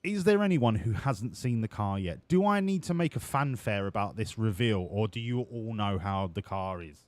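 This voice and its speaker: Profane, jokey streamer. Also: male voice, lowish voice, lively intonation, moderate pace, a little mellow, no echo. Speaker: game streamer. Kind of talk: live-streamed gameplay commentary.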